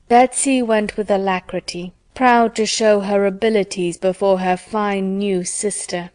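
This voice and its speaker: A woman narrating a classic novel audiobook in a measured, clear reading voice. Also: medium pitch, steady tone, a little mellow, no room sound. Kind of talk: scripted narration.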